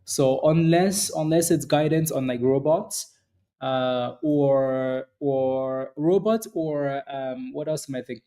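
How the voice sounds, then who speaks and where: Here a mellow, mid-range male voice runs a live stock trading stream. His market commentary is loose and rambling, full of restarted sentences, and he responds to viewers by name.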